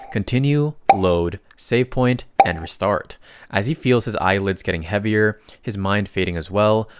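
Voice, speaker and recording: A man narrating a comic recap in a steady storytelling manner, with brief dry asides. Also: fairly low pitch.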